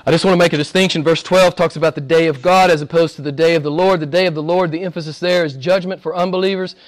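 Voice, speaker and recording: Impassioned preacher, fairly high male voice. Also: steady tone, quick pace. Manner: impassioned preaching, swinging from loud exclamations to hushed near-whispers; repeats rhetorical questions. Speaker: pastor. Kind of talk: sermon.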